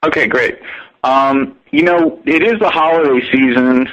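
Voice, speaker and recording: A man's voice: medium pitch, unhurried, fairly bright tone, muffled recording. A man co-hosting a casual podcast conversation over a call, rambling and hesitant with many fillers. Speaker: co-host interviewer. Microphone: remote call.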